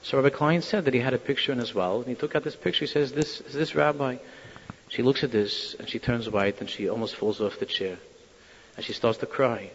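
A man's voice: mid-range voice, brisk, husky. Guy telling a hasidic story, doing everyone's voices, muffled lo-fi sound with a long hall echo. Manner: animated, acts out quoted voices. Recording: dull lo-fi sound in a reverberant hall.

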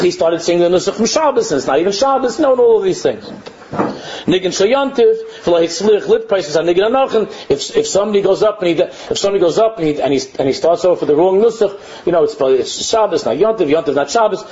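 A man with a fairly high yet warm, mellow voice gives an animated religious lecture, reading lines of a text and explaining them. He often mimics mocking children and repeats his phrases. The recording sounds dull and slightly lo-fi. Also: fast. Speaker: Torah teacher.

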